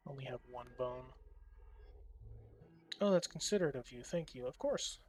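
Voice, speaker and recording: A man casually commenting as he streams a card game, thinking aloud and sometimes dropping to soft near-whispers. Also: medium pitch, animated, normal speed, slight background noise.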